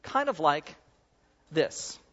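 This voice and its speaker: Male pastor, high-pitched, casual demo-style preaching; muffled recording in a big echoing hall. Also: big pitch swings, extremely slow, fairly bright tone. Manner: conversational, self-deprecating, demonstrates while talking. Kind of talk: sermon with a live object lesson. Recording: dull sound in a reverberant hall.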